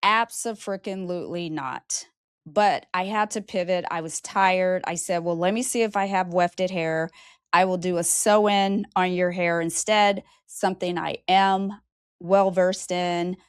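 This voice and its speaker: A woman in her fifties, a longtime hairdresser and salon owner, candidly telling a personal story from work and lively acting out the people she quotes. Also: unhurried, clean tone, no echo, clean studio sound. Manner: expressive, acts out quoted people with high animated voices.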